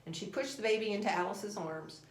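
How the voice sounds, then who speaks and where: A woman reading a children's storybook aloud in an expressive, animated way. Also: medium pitch, brisk. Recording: roomy echo.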